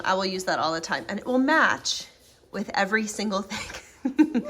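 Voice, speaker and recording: A woman's voice: mid-range voice, big pitch swings, normal speed, fairly bright tone, slight background noise. A woman in her thirties chatting casually to the camera at home as a family vlogger, gushing and talkative while she tells her kids what comes next. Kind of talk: casual vlog chat.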